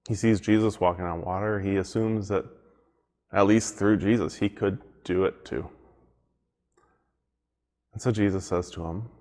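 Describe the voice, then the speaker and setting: Low-voiced reflective man preaching. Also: fairly even intonation, a little slow, long pauses, darkish tone. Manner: reflective, conversational, repeats phrases for emphasis. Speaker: pastor. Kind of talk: devotional sermon.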